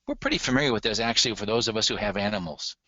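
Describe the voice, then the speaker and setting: Man, instructor, emphatic lecture, addresses audience, forceful bright tone, dry dull recording. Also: fairly low pitch, racing, dry recording. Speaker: relationship communication instructor.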